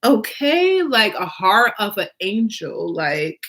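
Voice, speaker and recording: Woman vlog host, unhurried, emphatic casual monologue with repeated lines and rhetorical questions. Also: medium pitch. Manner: emphatic and animated, with many rhetorical questions and fillers. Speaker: fashion designer and vlog host.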